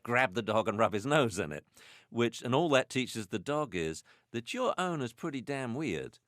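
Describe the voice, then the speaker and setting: A man, a veterinarian and dog trainer, answering interview questions in a blunt, animated way. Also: mid-range voice, normal speed, dry recording, studio quality. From England.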